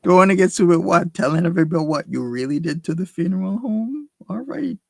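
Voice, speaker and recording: A man's voice: high-pitched, animated, quick pace, creaky, no echo. A male host in casual chat, teasing and needling his guest. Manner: needling, mock-threatening.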